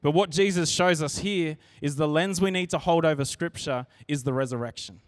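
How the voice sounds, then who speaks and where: A man's voice: a little high, moderate pace, no room sound. A man preaching a sermon in church, earnest and conversational, often restarting his sentences.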